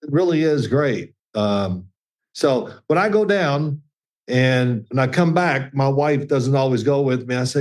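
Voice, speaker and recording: An older man with a slight Kentucky twang tells folksy stories as an interview guest. His pitch sits in a middling range and he chuckles now and then. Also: lively intonation, a little slow, darkish tone. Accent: slight Southern, Kentucky. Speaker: guest, former NFL quarterback. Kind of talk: casual interview chat.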